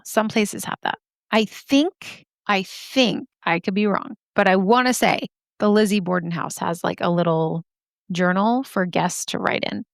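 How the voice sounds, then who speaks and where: A woman hosting a spooky story podcast, chatty and animated, swearing and laughing at herself as she reads listener stories. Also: medium pitch, vocal fry, no room sound, clean studio sound. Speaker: podcast host.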